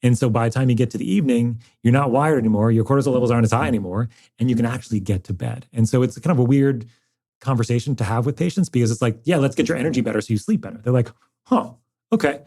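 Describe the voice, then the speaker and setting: Man doctor on a podcast, rapid talk, mellow low-key tone, energetic. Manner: energetic, quotes patients. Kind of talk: explanatory interview talk.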